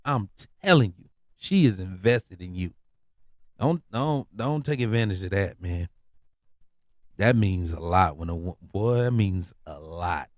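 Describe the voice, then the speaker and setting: In a low, darkish, expressive voice at a measured pace, a man hosts a podcast and tells a story. His style is relaxed and casual, full of slang and phrases he repeats, captured in a dry, clean studio recording.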